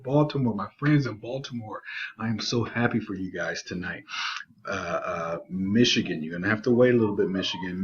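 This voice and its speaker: Excited low-voiced man, lo-fi audio. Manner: warm, excited shout-outs with frequent fillers. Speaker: GED teacher. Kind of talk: enthusiastic video announcement. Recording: dull lo-fi video audio.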